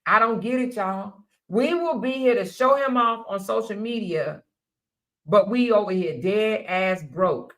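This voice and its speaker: A woman's voice: medium pitch, unhurried. An older woman hosting a casual live-stream talk in a Southern manner, blunt and preachy, laughing often as she speaks her mind. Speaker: live show host.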